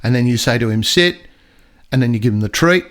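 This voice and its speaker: Older man, casual podcast chat, animated, acts out voices. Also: mid-range voice. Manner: animated, acts out dogs and people in quick voices. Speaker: podcast guest storyteller and dog trainer.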